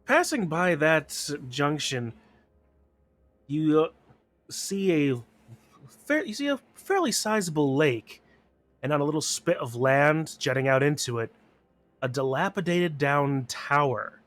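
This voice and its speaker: A man narrating a tabletop game as game master, describing scenes in a slow, measured way. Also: on the high side, sing-song, fairly bright tone, dry recording.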